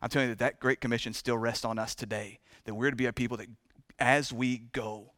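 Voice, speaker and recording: A man preaching a sermon in a church, impassioned and repetitive, moving between hushed and loud delivery. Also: mid-range voice, fast talker, no echo, studio quality. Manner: chokes up with emotion. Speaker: pastor. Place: church sanctuary.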